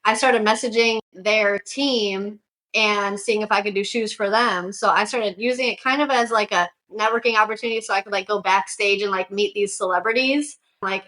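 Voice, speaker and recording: A woman's voice: medium pitch, fairly even intonation, normal speed, pushed and bright, rough recording. A young woman from Syracuse, New York, talking casually as a guest about her shoe business, with lots of "like" fillers. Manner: chatty, frequent "like" fillers, storytelling. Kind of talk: casual interview conversation.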